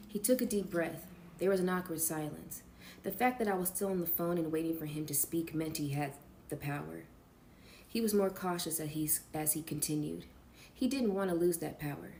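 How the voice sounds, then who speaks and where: Female storyteller, low-ish voice, casual memoir reading, talks to listeners in asides. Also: moderate pace, vocal fry, dark tone, a little hiss or hum. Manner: reads with chatty off-script asides to listeners.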